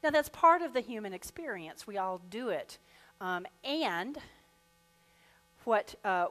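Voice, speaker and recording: A woman minister speaks to her congregation in a church sanctuary, her voice sitting squarely in the middle of the range. She draws out the shared affirmations slowly, then reads a rhyming poem with lively, playful expression. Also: medium pitch. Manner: leads the congregation in slow, drawn-out affirmations. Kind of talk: sermon.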